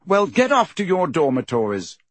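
A man's voice: medium pitch, very animated, moderate pace, breathy edge, dry recording. A man voicing a stiff, pompous teenage prefect who talks sternly and haughtily.

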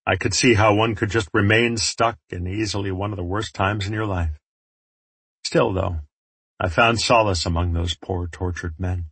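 A man's voice: deep voice, fairly even intonation, moderate pace, a bit bright, slightly rough, dry recording. A man narrating an audiobook in the first person, with a wry, reflective storytelling manner.

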